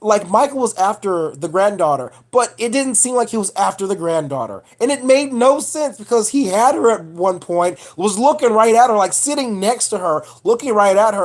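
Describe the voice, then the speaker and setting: A woman vlogger giving a casual, profane, digressive film review rant. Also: medium pitch.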